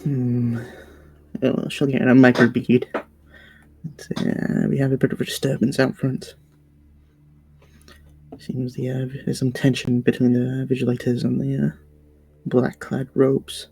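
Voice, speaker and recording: A man's voice: mid-range voice, completely flat delivery, measured pace, creaky, pauses often, dark tone, husky. A man playing a tabletop role-playing game, speaking hesitantly with many restarts and fillers. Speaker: player.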